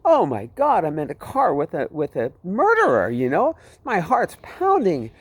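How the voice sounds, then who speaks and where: A man recounts his testimony in a vivid, dramatic way. His pitch swings widely and sits a bit high. The sound is close and dry. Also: huge pitch swings, normal speed, breathy edge, no room sound. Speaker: storyteller giving his testimony. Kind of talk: personal testimony storytelling.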